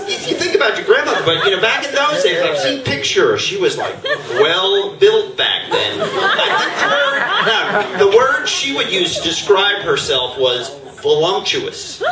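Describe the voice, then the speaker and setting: Lively, rambling male storyteller on stage. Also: on the high side. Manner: rambling, with many fillers and chuckles. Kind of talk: live personal storytelling. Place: stage before an audience. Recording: roomy stage sound from far off.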